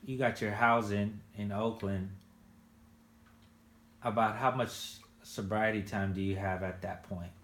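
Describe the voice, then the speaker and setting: Low-voiced guy interviewing a dad, lots of restarts, echoey room w faint hiss. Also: fairly even intonation. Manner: halting, many restarts, gently leading questions. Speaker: interviewer, fatherhood program worker. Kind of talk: casual interview.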